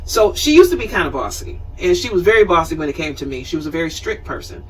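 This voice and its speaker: Lively, husky-voiced woman in her fifties. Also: low-pitched, fast talker, distant mic, rough recording. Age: 50s. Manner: animated, conversational, acts out scenes. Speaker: show host. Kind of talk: storytelling talk show monologue.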